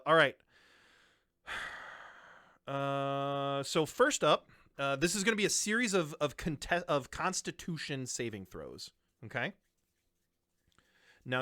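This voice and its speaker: Bright-voiced, laughing game master. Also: male voice, medium pitch, dry recording, studio quality. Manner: laughing often, with many fillers and restarts. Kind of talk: narrating a tabletop game.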